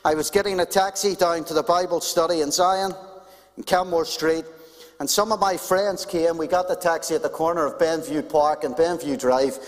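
A male pastor delivers a lively, conversational sermon in a church. His voice sits somewhat high for a man, and a long hall reverb trails each phrase. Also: normal speed. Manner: animated, conversational preaching with humor.

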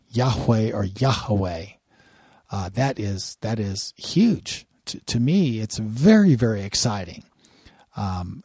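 A man's voice: mid-range voice, warm tone, breathy edge, no room sound, studio quality. A man giving a sermon-style Bible lesson, earnest and often repeating words as he starts a phrase. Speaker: Bible teacher.

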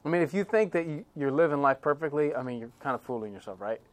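A man preaching a sermon in a conversational way, often checking in with his listeners and swinging between quiet, heavy moments and louder, emphatic ones. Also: fairly high pitch, expressive, fast talker. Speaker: pastor.

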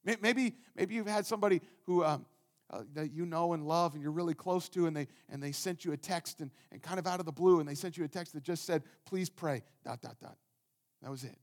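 A man preaching a sermon in an earnest way, swinging from loud, emphatic bursts down to hushed, soft passages. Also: on the high side, fast. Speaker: pastor.

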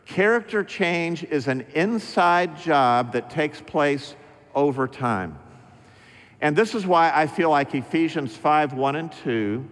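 A middle-aged male pastor delivering a sermon with emphatic, slow, repeated refrains. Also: medium pitch. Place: church sanctuary. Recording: long reverb of a church hall.

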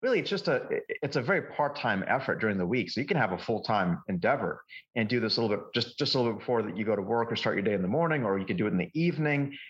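A man being interviewed as a market forecasting coach, telling lively anecdotes with frequent restarts. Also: fairly low pitch, racing, muffled recording. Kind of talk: conversational interview storytelling.

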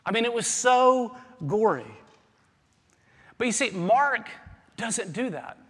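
A man with a high-pitched voice delivers a sermon in a church sanctuary. He drops to a hush and then builds to loud, urgent emphasis, and a long hall reverb trails every phrase. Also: expressive, slow. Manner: dynamic preacher, swings from hushed to loud. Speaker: pastor.

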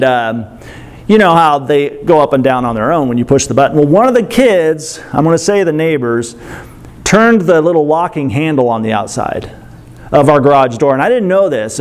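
A middle-aged male pastor giving a sermon, telling a story with animated, self-deprecating humor. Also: on the high side.

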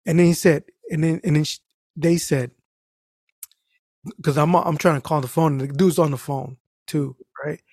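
A man telling a story in casual podcast chat, animated and profane, acting out the people in it. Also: fairly high pitch, normal speed, dry recording, studio quality. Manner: animated, profane, acts out the people in his stories.

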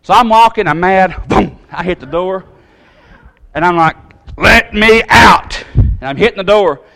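Animated man telling a story. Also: high voice, moderate pace. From Tennessee. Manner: animated storyteller, acts out voices, swings loud and soft. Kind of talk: storytelling sermon.

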